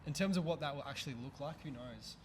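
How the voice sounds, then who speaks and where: A man's voice: a little high, fast talker, slight background noise. A young adult man, chatting casually as a podcast guest, hesitant and restarting often. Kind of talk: casual chat.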